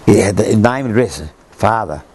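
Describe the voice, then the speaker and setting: A man's voice: lowish voice, lively intonation, moderate pace, a little mellow, slightly rough. An older Australian man, a former sailor, rambles through an oral history story, repeating himself and acting out the voices he quotes.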